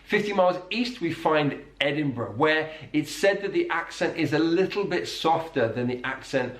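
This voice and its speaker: A man's voice: on the high side, animated. Roomy-sounding male accent teacher. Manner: explains carefully, slows down to model sounds. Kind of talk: online language lesson. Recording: roomy echo.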